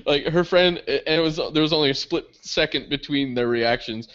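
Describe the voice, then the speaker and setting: A young man co-hosting a podcast, telling stories in casual chat. He swears often, laughs through his stories and jumps high when he quotes other people. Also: normal speed, a bit bright, clear, resonant tone. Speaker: podcast co-host. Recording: dull lo-fi podcast audio.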